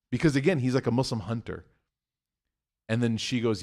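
A man's voice: medium pitch, brisk. A man giving a sermon, acting out the voices in his stories with humor, then exhorting earnestly. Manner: acts out story voices, animated and joking. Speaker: preacher. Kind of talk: storytelling sermon.

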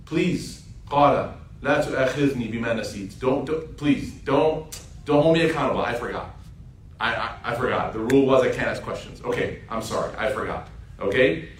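A man's voice: racing, natural voice. A man voicing a flustered young man who keeps objecting and then pleads for forgiveness in a raised, exasperated voice, heard in a storytelling sermon. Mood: pleading. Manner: exasperated, pleading, high-pitched outbursts. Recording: roomy sound from a distant mic.

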